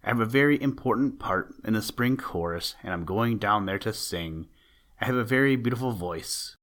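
A man's voice: lowish voice, expressive, moderate pace, a bit bright. A man voicing a self-important old male toad who is short of breath and speaks indignantly in a storybook reading. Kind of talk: storybook character voice.

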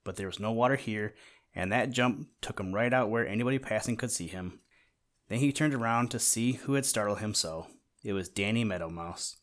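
A man narrating a children's animal storybook, gently addressing the listener along the way. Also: fairly low pitch, a little fast.

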